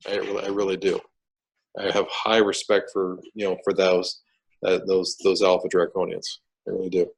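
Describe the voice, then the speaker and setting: A man telling a story as an interview guest, animated and full of restarts and repeated words. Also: low voice, moderate pace, gravelly, husky, poor audio. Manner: animated, repeats words and restarts sentences while retelling events.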